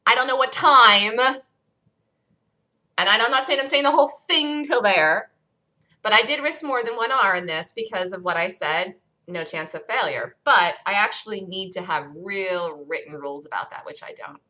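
A woman hosting a live day trading room, excitedly calling trades as they happen, her voice getting worn from talking loud. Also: medium pitch, moderate pace. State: losing her voice. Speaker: day trading show host.

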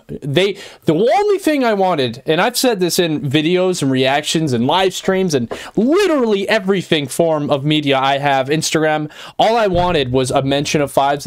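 Excitable young man swearing while reacting. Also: fairly high pitch, no room sound. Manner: excitable, emotional, swears often. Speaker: reaction video host. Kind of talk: reaction commentary.

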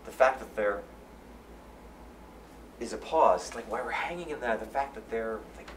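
A man giving a live lecture at a conference, energetic and repeating phrases for emphasis. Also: lowish voice, a little slow, long pauses. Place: conference hall. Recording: roomy, from far off, faint room noise.

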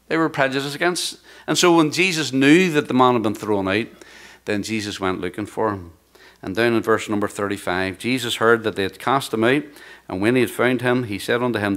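A man, the church's pastor, preaching a sermon, rising loud when he reads scripture and dropping to quiet, hushed words. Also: on the high side. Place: church sanctuary.

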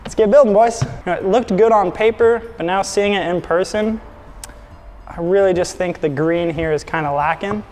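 Upbeat high-voiced young man, vlog host. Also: normal speed, a little hiss or hum. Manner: upbeat, jokey, talks straight to viewers. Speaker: host of a scooter shop channel. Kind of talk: casual product build vlog.

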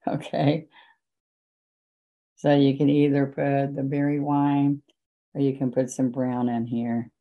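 A woman teaching a painting lesson, giving gentle, chatty step-by-step guidance as she works. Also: rumbling low, creaky, dull audio. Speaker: painting instructor. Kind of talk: relaxed painting demonstration.

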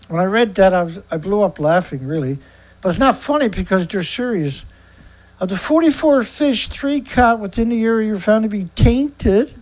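A sarcastic, indignant show host reads news excerpts and then comments on each one. The voice sits at a middle pitch. The speaker often trips over words and restarts sentences. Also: lively intonation, moderate pace, a little mellow, low-quality recording. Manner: stumbles and repeats words.

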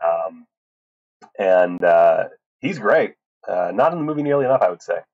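Deep-voiced guy rambling about movies, lots of ums and restarts, swears a lot, kinda tinny dull mic. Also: big pitch swings, normal speed. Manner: rambling, many fillers and restarts, swears freely. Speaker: podcast host reviewing films. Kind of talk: casual solo film talk. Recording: tinny wrong-mic recording.

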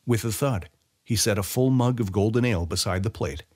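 A man narrating a fantasy short story as an audiobook reader, in an expressive storytelling way. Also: fairly low pitch, brisk.

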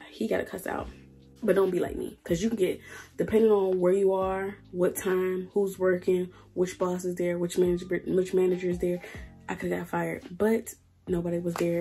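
Blunt woman with a husky voice. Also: on the low side. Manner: blunt, animated, swears freely. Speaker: vlogger. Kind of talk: casual vlog rant. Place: indoors at work.

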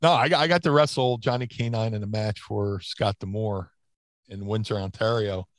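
A man's voice: lowish voice, fairly even intonation, moderate pace, dry recording. A man in a casual interview, telling stories in a rambling way with many restarts and fillers. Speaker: interview guest, former wrestler. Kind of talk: casual storytelling.

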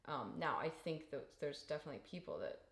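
Low-voiced woman in an echoey room. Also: big pitch swings, vocal fry, a bit bright. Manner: thinks aloud in quick restarts. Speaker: podcast co-host. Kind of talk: casual chat.

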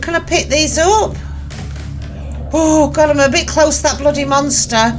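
A woman's voice: high voice, measured pace, soft background music. A woman hosting a horror game playthrough, talking to herself in jumpy let's-play commentary, often screaming, swearing and laughing nervously. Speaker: channel host playing a horror game.

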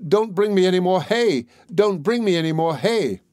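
A tiny, cheeky boy no bigger than a thumb, as a male narrator puts him on, pitched well up above a normal man's voice. He sounds perky and bold, fond of calling out loudly, and the recording is close and dry with no room sound. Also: expressive, brisk, no echo, natural voice. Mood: chatty.

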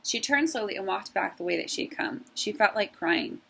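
A woman teacher reading a novel aloud to her class in a steady storytelling voice. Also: mid-range voice, brisk, vocal fry, a little hiss or hum, low-quality recording.

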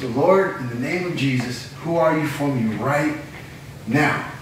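Guy preaching a bible study, high voice, super animated, laughs a lot, echoey room with noise behind. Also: measured pace, recorded from a distance. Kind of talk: lively teaching sermon. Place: classroom.

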